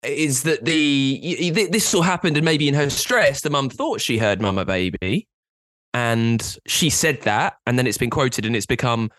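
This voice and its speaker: A man co-hosting a podcast, rambling casually with frequent halting restarts. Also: mid-range voice, fairly bright tone, dry recording. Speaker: podcast co-host. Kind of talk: casual chat.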